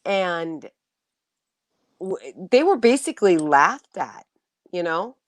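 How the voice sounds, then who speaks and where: In a dry recording, a middle-aged livestream host speaks slowly in a lowish, very animated voice during a casual chat with viewers. Warmth and emotion run through her talk, along with frequent laughter and restarted sentences.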